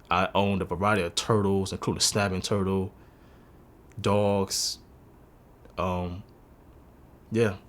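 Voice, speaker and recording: A man in his twenties telling his own life story in an earnest, confessional and emotional way. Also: deep voice. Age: 20s. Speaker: interviewee sharing a personal story. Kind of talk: candid personal testimony.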